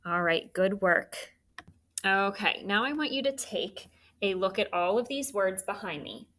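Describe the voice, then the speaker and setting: Woman teacher, slow careful phonics lesson, patient, encouraging, in a classroom. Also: medium pitch, expressive, fairly bright tone.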